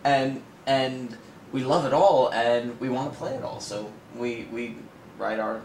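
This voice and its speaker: A man from a band talking casually about the music he loves, rambling and filling every pause with "like". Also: medium pitch. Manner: rambling, says like constantly. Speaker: band member. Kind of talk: casual interview talk. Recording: echoey room with noise behind.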